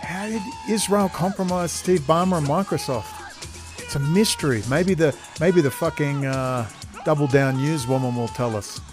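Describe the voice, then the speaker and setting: A man's voice: a little high, moderate pace, over music. A man hosting a profane, heated commentary show, sarcastic and openly frustrated as he rants. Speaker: host.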